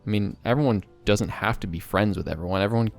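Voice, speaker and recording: A young man talking candidly to camera in a rambling, excitable vlog monologue. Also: on the low side, vocal fry, faint music behind. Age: young adult. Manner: excitable, rambling, quick bursts. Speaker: vlogger.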